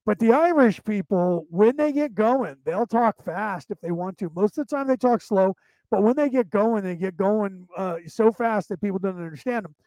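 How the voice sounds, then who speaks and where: A man's voice: sits high, normal speed, warm tone, dry recording, low-quality recording. A male show host chatting casually and telling long, anecdotal stories, often restarting his sentences as he goes. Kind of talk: casual rambling storytelling.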